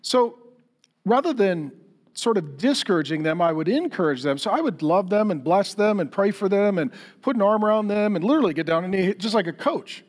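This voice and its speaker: A middle-aged pastor with a notably high voice preaches in an easy, conversational way. He is candid and self-deprecating, and he often slips into acting out quoted exchanges. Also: expressive, brisk, in a large hall. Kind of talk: sermon.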